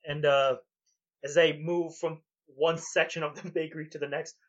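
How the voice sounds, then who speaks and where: Male game master, laid-back, halting narration, slightly high voice, lo-fi sound. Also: little pitch movement. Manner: laid-back, hesitant, many fillers.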